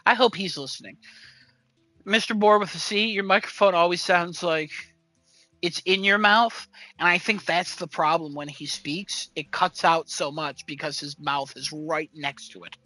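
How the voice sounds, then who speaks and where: A man co-hosting a casual chat podcast, animated, laughing often and mimicking people. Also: on the high side, normal speed, no room sound, faint music behind. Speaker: podcast co-host.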